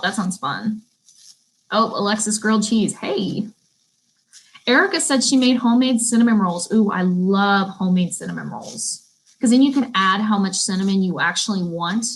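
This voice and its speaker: A woman's voice: mid-range voice, a bit bright, poor audio. A young woman, teaching a beauty school class over a live stream in a chatty way and reading out viewers' comments.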